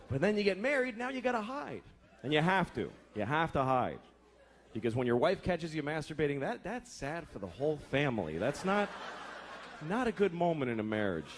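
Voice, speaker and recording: A man's voice: on the high side, very animated, normal speed. A man in his thirties doing a profane, exasperated stand-up routine, acting out voices. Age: 30s. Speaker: stand-up comedian. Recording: noisy live club recording.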